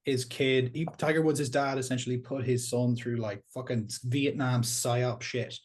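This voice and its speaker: An Irish man talking in a casual podcast chat, ranting in an animated, sweary way and laughing as he goes. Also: medium pitch, moderate pace.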